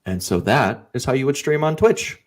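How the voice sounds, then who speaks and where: A man appearing as a guest author in a casual video-call interview, talkative and animated, with loud laughs. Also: medium pitch, moderate pace.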